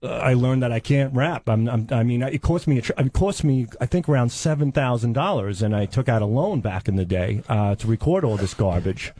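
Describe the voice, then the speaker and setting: A man's voice: mid-range voice, lively intonation, a little fast, hardly any pauses, dark tone. A man in his forties from Long Island telling a self-mocking story on a radio show, rambling and restarting his sentences. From Long Island, New York. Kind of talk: casual radio banter, storytelling.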